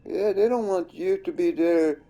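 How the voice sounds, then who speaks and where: A man's voice: high voice, measured pace, mellow. A man giving casual, rambling commentary over his own gameplay, accusing and swearing at the screen.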